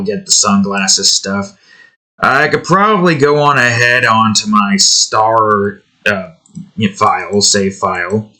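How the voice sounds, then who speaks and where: Slow, rambling young man chatting while drawing. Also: fairly low pitch, bright, forceful tone. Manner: rambling, self-correcting, trails off. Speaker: digital artist hosting a drawing series. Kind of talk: casual chat while drawing.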